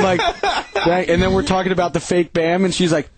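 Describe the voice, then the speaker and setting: A man hosting a radio show, telling profane stories in a casual, animated way and laughing often. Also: a little high, a little fast, low-quality recording. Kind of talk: casual chat.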